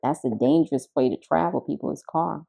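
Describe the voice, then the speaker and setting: A woman co-hosting a podcast, chatting casually and acting out a story with lively voices. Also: low-pitched, brisk, vocal fry. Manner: animated storyteller, acts out voices. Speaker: podcast co-host. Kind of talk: casual chat.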